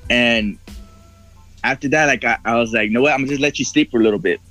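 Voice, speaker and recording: A man's voice: mid-range voice, fast talker, bright, forceful tone, faint music behind, poor audio. Rambling, profane young-sounding man telling a story. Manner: rambling, heavy swearing, acts out quoted voices. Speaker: podcast guest. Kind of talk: casual storytelling.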